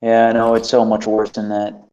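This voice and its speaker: A man's voice: fairly low pitch, completely flat delivery, normal speed, dark tone, smooth. A man hosting a casual chat, telling an exasperated, profane story. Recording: dull lo-fi recording.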